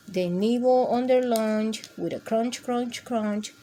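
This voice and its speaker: Woman reading kids' stories, slow pace, gentle expressive storytime voice, faint background noise. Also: a little high. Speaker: children's story reader. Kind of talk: read-aloud storytime for kids.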